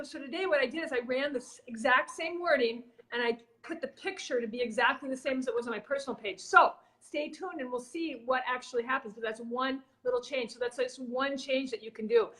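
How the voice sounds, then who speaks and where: A woman's voice: sits high, fairly quick, bright, forceful tone. A woman co-hosting a casual live video chat on marketing, rambling with fillers and restarts. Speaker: marketing coach and co-host.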